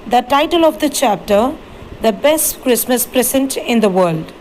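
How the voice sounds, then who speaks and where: A woman teacher, reading a textbook passage aloud slowly and spelling each word letter by letter for a class. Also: a little high, animated, darkish tone, slight background noise, poor audio. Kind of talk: slow reading lesson, spelling words letter by letter.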